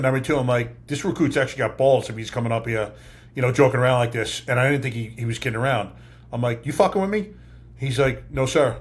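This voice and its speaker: Fast-talking profane host. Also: male voice, mid-range voice. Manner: fast, profane, animated storyteller. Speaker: podcast host, former police officer. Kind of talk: casual interview chat, animated anecdote.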